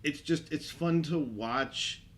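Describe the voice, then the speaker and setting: A man's voice: on the high side, slow, fairly bright tone. A man from New Jersey hosting a casual podcast chat, joking and laughing often. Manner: joking, laughs often, puts on movie voices. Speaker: podcast host.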